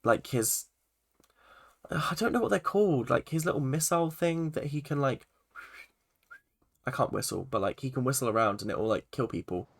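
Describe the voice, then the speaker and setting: Rambling man with a gravelly voice. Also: mid-range voice, animated, normal speed, long pauses. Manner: rambling, full of "like" and self-corrections. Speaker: film and TV reviewer. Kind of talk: casual spoken review.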